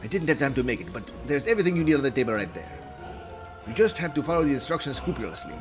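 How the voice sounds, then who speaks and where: A man's voice: mid-range voice, big pitch swings, racing, music in the background, lightly acted. A man voicing a grumpy male village chef, brusque and suspicious.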